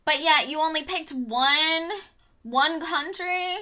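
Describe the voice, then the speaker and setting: A young woman talks through a blunt, exasperated review while doing her makeup at home. Her voice sits high and bright, and she takes her time with each thought, unhurried even when she swears. It sounds like a casual rant to the camera. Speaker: beauty vlogger.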